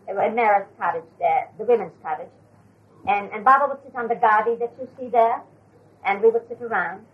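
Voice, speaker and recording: An older woman retelling an anecdote from memory, hesitant with fillers, on a dull lo-fi recording. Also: fairly high pitch. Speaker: storyteller.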